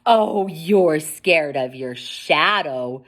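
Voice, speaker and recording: A woman's voice: low voice, animated, extremely slow, fairly bright tone, full character voice. A woman reading a storybook, voicing a mother who scolds and coaxes her shy son. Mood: chiding. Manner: chiding, coaxing. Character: scolding but loving mother queen.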